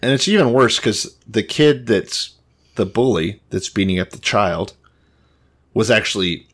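A man's voice: on the low side, lively intonation, a little slow. A man co-hosting a podcast who sums up the scripture story in a laid-back way, with plenty of swearing. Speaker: podcast co-host. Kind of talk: casual chat.

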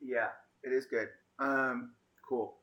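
A man hosts a relaxed conversation with friends in a bright, forceful voice. He sounds animated and quick to laugh as he steers from one topic to the next. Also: medium pitch, poor audio. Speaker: podcast host. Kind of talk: casual chat.

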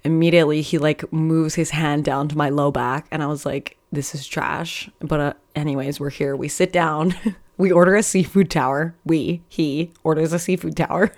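Low-voiced woman telling candid stories. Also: steady tone, moderate pace, a little mellow. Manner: candid, profane, laughs often while telling stories. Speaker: podcast host. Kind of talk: casual storytelling monologue.

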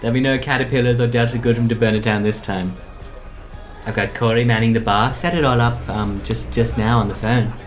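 Brief: eccentric, wheedling schemer, played by a performer, middle pitch. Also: steady tone, fairly quick, faint music behind, natural voice. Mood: scheming. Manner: rambling, wheedling, grandiose. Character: eccentric scheming party planner, grandiose. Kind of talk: improvised comedy audio play.

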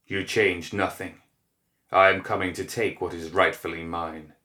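A man doing a slow crooning demon. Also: deep voice, level tone, pushed and bright. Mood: menacing. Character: monstrous demon voice, slow, domineering, hungry. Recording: echoey room.

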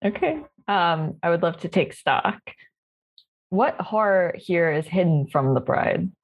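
A woman player in a tabletop role-playing game speaks casually and asks short, curious questions. Her voice is on the low side. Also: expressive, unhurried, narrow, tinny audio.

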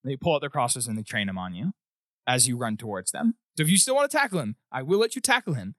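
A man narrating as dungeon master in a relaxed, rambling way with frequent laughs. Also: medium pitch, fast, no echo, clean studio sound. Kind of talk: narrating a tabletop game.

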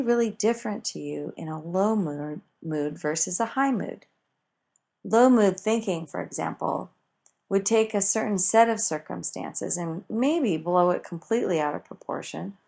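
A woman teaching self-help ideas in a motivational talk, expressive and acting out everyday examples. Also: medium pitch, gravelly.

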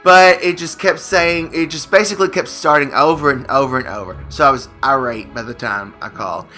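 A man with a very bright, sharp-edged voice, slightly high for a man, rambling through stories in relaxed podcast chat. He swears casually and drifts between tangents. Faint music plays behind him. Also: fairly quick. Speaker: podcast co-host.

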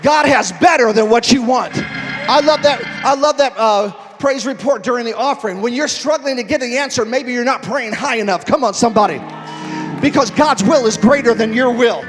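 High-voiced preacher shouting in a hall. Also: male voice, brisk. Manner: preaching, rising to shouts and sung lines. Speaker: pastor. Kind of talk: sermon. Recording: music with long hall reverb.

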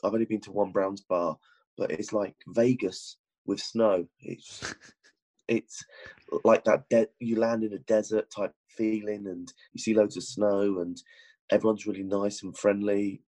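A British man co-hosting a casual podcast chat, talking quietly from a hotel room in the early hours. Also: lowish voice, flat delivery, normal speed. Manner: hushed, keeping quiet at 4am. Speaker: podcast co-host.

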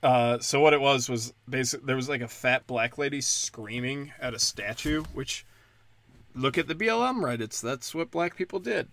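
A man's voice: medium pitch, normal speed, vocal fry, a bit bright. A man hosting a podcast, talking in a loose, rambling, sarcastic way and swearing often. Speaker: podcast host. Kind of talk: casual rambling monologue.

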